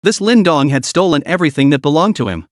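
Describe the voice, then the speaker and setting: A man's voice: a little high, expressive, quick pace, no echo, studio quality. A man narrating a comic story recap in a dramatic storytelling manner.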